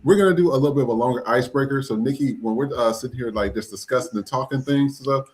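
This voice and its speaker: A man's voice: medium pitch, very fast. A man hosting a podcast, talking casually and rambling with fillers as he greets viewers. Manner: relaxed, rambling with fillers and shout-outs. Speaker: podcast host.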